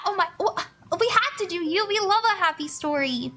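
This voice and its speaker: A woman's voice: extremely high pitch, lively intonation, moderate pace. A young woman reading tarot cards live for her chat, gushing and emotional, laughing often as she talks to viewers. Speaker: livestream tarot reader. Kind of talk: casual livestream chat. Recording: faint music behind.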